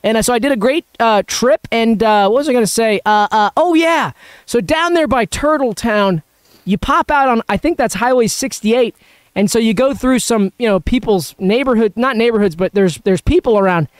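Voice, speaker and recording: High-voiced man telling rambling stories. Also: normal speed, clear, resonant tone, dry recording. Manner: rambling storyteller, many restarts. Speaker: host. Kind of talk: casual livestream chat. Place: outdoors at a backyard cookout.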